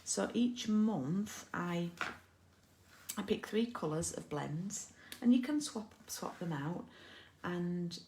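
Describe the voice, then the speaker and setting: A British woman talks her viewers through a craft session in a low, gravelly voice. She rambles casually, full of ums and little asides, while a faint hiss sits underneath. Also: lively intonation, slow, warm tone. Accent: British English. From United Kingdom. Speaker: craft demonstrator hosting a live stream. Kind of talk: casual chat and card-making demo. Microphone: laptop or phone camera mic.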